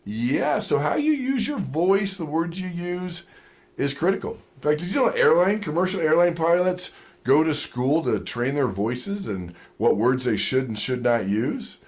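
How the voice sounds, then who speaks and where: A man's voice: on the high side, a little slow. A man giving a sales training lecture, telling stories and acting out quotes with chuckles. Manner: animated storytelling with acted-out quotes and chuckles. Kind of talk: lively seminar lecture.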